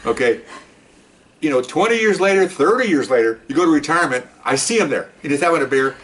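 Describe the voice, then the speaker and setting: An older man, a retired police officer, telling a story in a casual, animated way and acting out the people he quotes. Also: on the high side, brisk. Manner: animated, acts out quoted voices.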